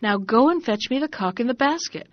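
A woman reading the lines of a stern old male holy hermit in a slow, solemn storybook voice, in a dull lo-fi recording. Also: fairly high pitch, expressive, dry recording, lightly acted.

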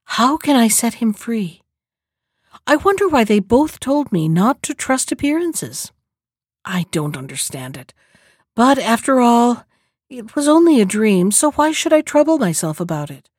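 A woman voicing a gentle, anxious young heroine in a storybook, earnest and wondering. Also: on the high side, very animated, a little slow, husky, no echo, clean studio sound, heavily acted.

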